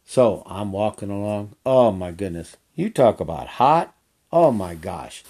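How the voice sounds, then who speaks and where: Folksy older man, low voice. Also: big pitch swings, unhurried, warm tone. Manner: folksy, rambling, with repeated phrases. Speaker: horseback trail guide. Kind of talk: casual storytelling.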